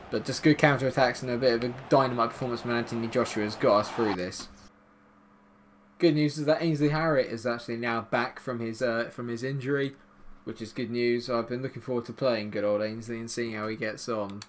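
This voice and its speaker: A young man commentating his own football video game, calm between plays and shouting when goals go in. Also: medium pitch. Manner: excitable, shouts at goals, dry jokes. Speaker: gaming YouTuber. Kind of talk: gameplay commentary.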